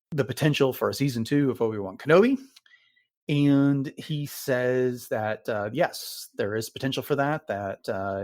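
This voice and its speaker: A man co-hosting a podcast in relaxed, easygoing talk, with a middle-pitched voice. His delivery is keen and chatty and full of little "uh"s. The sound is close and dry, with no room around it. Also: no echo. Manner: enthusiastic fan, relaxed with fillers. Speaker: podcast co-host. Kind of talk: casual chat.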